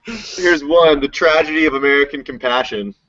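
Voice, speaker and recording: A man joining a panel discussion as a guest, talking in a relaxed, casual way. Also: fairly high pitch, moderate pace, no room sound. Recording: lo-fi web call audio.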